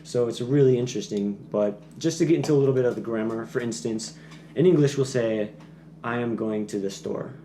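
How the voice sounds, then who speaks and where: A man talks through a long explanation in casual podcast chat, full of fillers and restarts. His voice sits in a middle pitch and is recorded in an echoey room. There is faint background noise under it. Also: brisk, warm tone. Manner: chatty, explains at length with many fillers and restarts. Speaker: podcast guest back from Peace Corps service.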